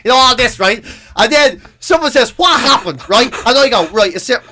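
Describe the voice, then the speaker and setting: A man from Ireland with a Dublin accent, co-hosting a radio show in comedic banter and acting out shouted rows. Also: extremely high pitch, moderate pace. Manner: animated, acts out shouted rows.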